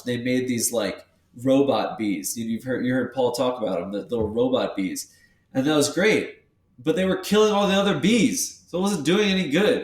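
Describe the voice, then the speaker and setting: A man talks in a casual podcast chat, rambling and animated, often restarting his sentences. He sounds hyped up and a little removed from the microphone, in a noticeably echoey room. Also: mid-range voice, recorded from a distance. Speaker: podcast co-host. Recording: echoey room, away from the mic.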